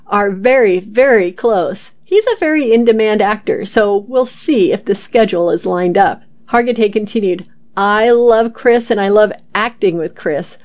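A woman who volunteers as a reader, reading entertainment news articles aloud in a steady, even delivery that also reads out quotes. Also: mid-range voice, dull audio.

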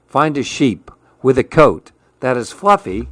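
A man reading a brisk practical lady vet. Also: mid-range voice, very animated, a bit bright, no echo, studio quality. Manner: practical, matter-of-fact. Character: brisk helpful female vet. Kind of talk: storybook reading.

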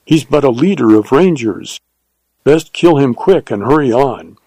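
A man's voice: mid-range voice, animated, a little slow, dark tone, no echo. Man voicing a wary one-eyed bandit. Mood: urgent. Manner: protesting, insistent.

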